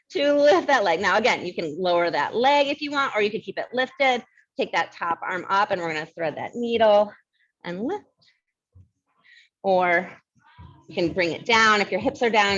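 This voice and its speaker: A woman instructor leading a barre fitness class, chatty and quick to laugh, counting down reps, with a slight lisp. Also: mid-range voice, a bit bright, highs cut off. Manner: mild lisp from new aligners.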